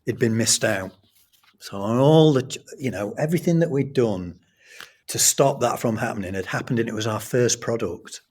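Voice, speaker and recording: A middle-aged man telling a personal story as a podcast guest, earnest and animated. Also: mid-range voice, moderate pace, husky. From England. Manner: earnest, animated anecdote telling with quoted dialogue. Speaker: guest, school trust academic leader.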